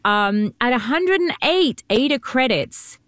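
A woman with a British accent co-hosting a talk show, chatty and animated, laughing often. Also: high-pitched, measured pace, dry recording, clean studio sound. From Britain. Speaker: co-host. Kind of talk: casual chat.

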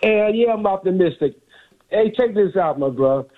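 A man's voice: high voice, expressive. Argumentative male caller on tinny phone. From Miami area. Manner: argumentative, fast. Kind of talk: sports radio call-in.

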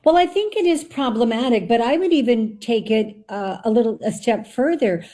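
Woman candidate, emphatic and argumentative, mellow warm tone. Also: fairly high pitch, animated, moderate pace. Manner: emphatic, argumentative, mock-polite asides. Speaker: candidate for lieutenant governor. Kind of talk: political discussion.

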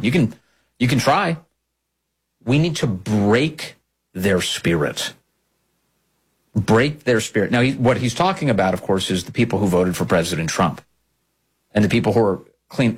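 A man's voice: fairly low pitch, breathy edge. A man hosting a political commentary show, delivering an emphatic, scornful monologue with repeated phrases.

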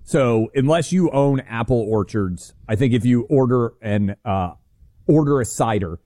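A man's voice: lively intonation, a little slow, dark tone, no room sound, clean studio sound. Wry, opinionated talk radio man. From Tennessee. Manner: wry, opinionated, many fillers, drops low to finish a point. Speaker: radio talk show co-host.

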